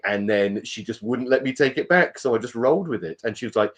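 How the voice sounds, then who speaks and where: A British man co-hosting a relaxed chat. He tells school stories with a joking, cheeky delivery and drops the odd swear word. His voice sits at a middling pitch. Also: a little fast, hardly any pauses. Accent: British English. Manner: jokey storyteller, swears casually. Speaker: podcast co-host. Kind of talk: casual chat.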